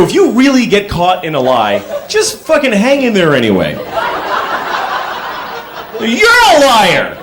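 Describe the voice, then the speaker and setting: A man doing a stand-up comedy routine on stage, telling conversational stories and breaking into sudden shouted bits, recorded live in a club with audience laughter. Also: high voice, wildly swooping pitch, moderate pace, pauses often, a faint crowd, slight background noise.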